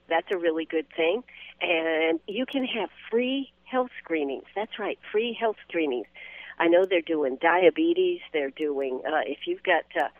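A man's voice: on the high side, dry recording. A man hosting a live on-site radio broadcast from outdoors at a golf tournament, chatty and promotional, with plenty of "uh"s. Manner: chatty and promotional, with many fillers. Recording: tinny phone-line audio.

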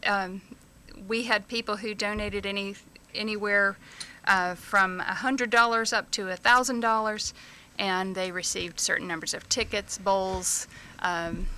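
A woman guest on a radio show reading out a list in a steady, matter-of-fact way. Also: mid-range voice, a little slow.

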